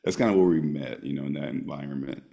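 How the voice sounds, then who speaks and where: A man being interviewed as an author, speaking in a measured, hesitant way with many fillers. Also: very deep voice, creaky, dark tone. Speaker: author, real estate investor, guest. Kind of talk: casual interview chat.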